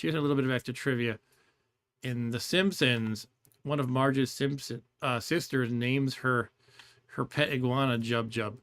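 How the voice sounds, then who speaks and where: Casting: rambling, easygoing male streamer, mid-pitched, talks through his gameplay. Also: moderate pace, fairly bright tone. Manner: chatty and rambling, laughs often. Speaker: game streamer. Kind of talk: casual gameplay commentary.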